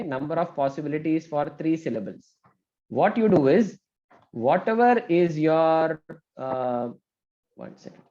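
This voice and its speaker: A man teaching an online math class, talking briskly and checking in with students with a frequent "okay?". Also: a little high, darkish tone, lo-fi sound. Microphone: video call.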